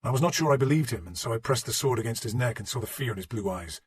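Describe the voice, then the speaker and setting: A man narrating an audiobook in a measured, steady storytelling manner. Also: mid-range voice, husky. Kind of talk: scripted narration.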